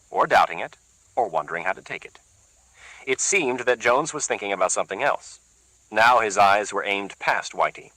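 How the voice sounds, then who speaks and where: A man reading a noir novel aloud in a steady, deliberate way. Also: fairly low pitch, no echo, poor audio. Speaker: audiobook narrator. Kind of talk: scripted narration of a noir novel.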